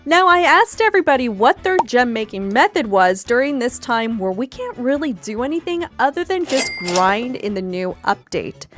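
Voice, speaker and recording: An upbeat woman hosting a gaming channel, with a slightly high voice. She chats casually and talks straight to her viewers. Faint music plays behind her. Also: very animated, moderate pace, hardly any pauses, a bit bright. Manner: upbeat, chatty, addresses viewers directly. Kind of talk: casual game commentary.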